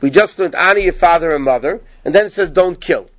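Speaking a little fast in a slightly high, fairly bright voice, a man recounts a rabbinic tale during a Torah lesson, keeping it conversational and asking his listeners "yeah?" The sound is lo-fi with no echo.

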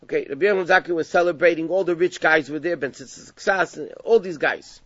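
A man teaching a Talmudic story to a class, acting out the dialogue with lively emphasis. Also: on the high side, a little fast, no room sound. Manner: animated, acts out dialogue with rising emphasis. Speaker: Torah teacher. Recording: dull lo-fi sound.

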